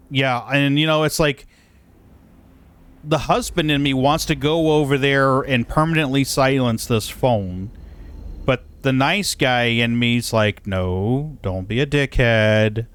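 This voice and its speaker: A man's voice: mid-range voice, takes it slowly, long pauses, fairly bright tone, clear, resonant tone. A man livestreaming casual chat while hauling cargo, telling a story in an exasperated, profane way. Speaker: live streamer. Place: in a moving vehicle.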